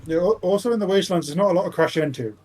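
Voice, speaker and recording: A man's voice: high-pitched, very fast, darkish tone, a little hiss or hum. Joking, swearing man at a game table. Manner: joking, swears, laughs a lot. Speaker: player. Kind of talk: casual tabletop role-play.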